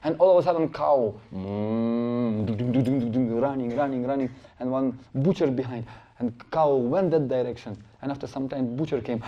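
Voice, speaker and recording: A middle-aged man giving a spiritual lecture, telling stories in an animated way and acting out the quotes, on a dull lo-fi recording. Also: mid-range voice, moderate pace. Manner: animated storytelling with acted-out quotes. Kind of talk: sermon storytelling.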